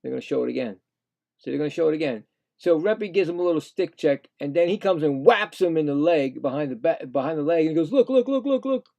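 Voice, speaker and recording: A high-voiced man with a gravelly, creaky edge calls a hockey game live in a loose, rambling way. He gets indignant fast, restarts his sentences, and talks straight at the players. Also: darkish tone. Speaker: live play-by-play streamer. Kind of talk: casual hockey play-by-play commentary.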